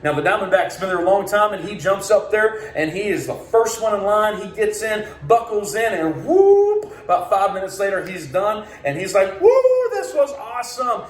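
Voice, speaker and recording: Energetic man giving a keynote in an echoey room. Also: sits high. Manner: energetic, acts out voices in his stories. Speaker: keynote speaker. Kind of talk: motivational keynote storytelling. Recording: echoey room, faint ambient noise.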